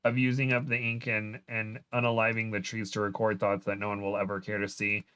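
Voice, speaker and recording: A man's voice: on the low side, level tone, fairly quick, pushed and bright, smooth. A man in casual chat who reads a novel aloud and then rambles through tangents with lots of fillers. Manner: rambling, chatty, filler-heavy. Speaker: co-host reading a novel aloud.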